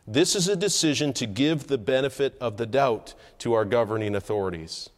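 A man preaching a sermon from the pulpit, earnest and measured, with emphatic rises on key points. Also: medium pitch. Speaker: pastor. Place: church sanctuary. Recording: long hall reverb.

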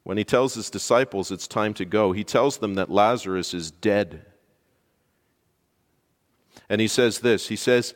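A man delivers a sermon in a storytelling way, pushing his voice up for emphasis and sinking low and hushed at dramatic points. His voice sits at an ordinary middle pitch. The sound rings with a long reverb, as in a large hall. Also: normal speed. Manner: animated storytelling, rising loud for emphasis, dropping quiet for dramatic moments. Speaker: preacher.

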